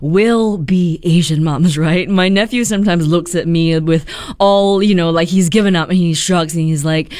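A woman's voice: fairly low pitch, normal speed, darkish tone, dry recording, clean studio sound. A woman radio DJ from Singapore chatting casually on air, laughing as she tells a family story. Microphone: studio mic.

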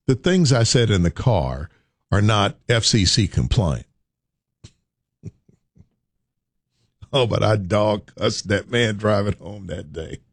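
A man telling a personal story in a folksy, humorous way, with vivid phrasing and dramatic pauses. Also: lowish voice, expressive, creaky, dry recording, clean studio sound. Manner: humorous asides. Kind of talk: storytelling talk.

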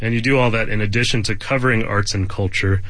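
A man's voice: on the low side, steady tone, fast talker, a bit bright, dry recording. A man hosting a public radio membership drive, earnestly thanking donors and praising a colleague. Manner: earnest, appreciative. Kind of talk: pledge drive appeal and interview.

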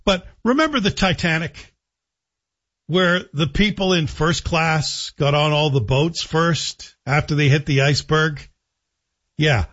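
A man's voice: on the high side, fairly bright tone, dull audio. A middle-aged man hosting a talk radio show, delivering a monologue with sarcastic, joking asides.

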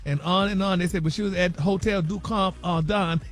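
A man's voice: high-pitched, fairly even intonation, brisk, faint music behind. A man presenting the celebrity gossip segment on a morning show, flamboyant and sassy, calling everyone honey and baby. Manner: flamboyant, sprinkles "honey" and "baby", laughs at own jokes.

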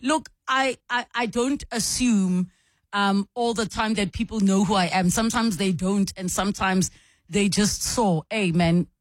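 Woman, radio call-in host, chatty and animated, dry studio sound. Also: medium pitch, unhurried, no room sound. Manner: reads listener messages aloud, chatty and animated.

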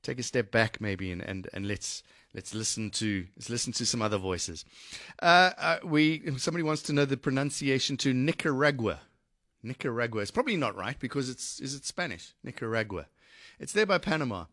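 A man's voice: mid-range voice, brisk, a bit bright, no echo, studio quality. A man presenting live radio, chatty and thinking aloud, often restarting his sentences. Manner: chatty, restarts and repeats words, muses aloud. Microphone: studio mic.

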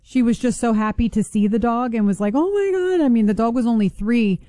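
A middle-aged woman calling in to a talk show, telling a story in a quick, chatty, animated way. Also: a little high, no room sound. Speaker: caller. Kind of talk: casual storytelling.

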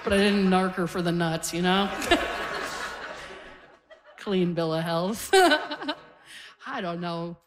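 A woman's voice: lowish voice, expressive, slow pace, long pauses. A middle-aged woman doing a stand-up comedy set, telling family stories and acting out the people in them. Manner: storytelling, acting out family members in quotes. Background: audience laughter.

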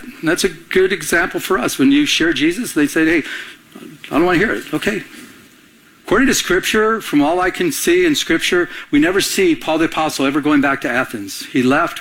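A man's voice: on the high side, a bit bright, a little hiss or hum. A middle-aged male pastor preaching a conversational sermon, firing off rhetorical questions and calling on the congregation to answer.

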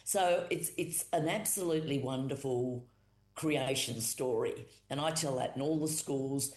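An Aboriginal storyteller and cultural educator from Boandik country, South Australia, gives an oral telling of an old creation story in a middle-pitched voice. The pace is easy and unhurried, with pauses, repeated phrases and emphatic retellings of key moments, while the room rings with a clear echo.

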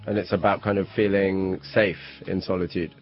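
A man interviewing guests, asking gentle, probing questions. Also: deep voice, flat delivery, moderate pace, soft background music. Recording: dull lo-fi recording.

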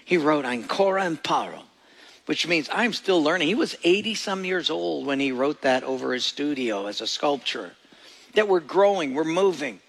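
A male pastor preaches in a folksy, storytelling way, often turning to ask his listeners questions. His voice is a little high and gravelly, and it echoes around a large hall. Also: lively intonation, normal speed, fairly bright tone. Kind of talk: sermon.

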